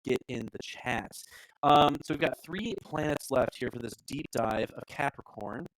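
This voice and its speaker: A man's voice: medium pitch, normal speed, no echo, low-quality recording. A young man co-hosting a live stream, talking in a playful, self-mocking way. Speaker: co-host. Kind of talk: casual live-stream chat.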